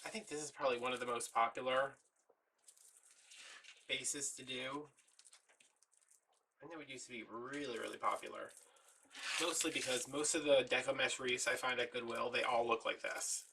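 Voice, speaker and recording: A man's voice: medium pitch, fairly even intonation, normal speed, vocal fry, pauses often, pushed and bright, recorded from a distance, a little hiss or hum. A man, a little out of breath, chatting casually while walking through a craft step by step. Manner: chatty, folksy, talks while working. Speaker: craft tutorial host.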